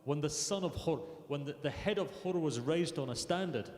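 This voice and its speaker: His voice is on the high side and darkish in tone, moving at normal speed, as he narrates a mournful religious story at a mosque gathering. He voices the quoted figures with growing intensity, and the hall's echo leaves a long reverb.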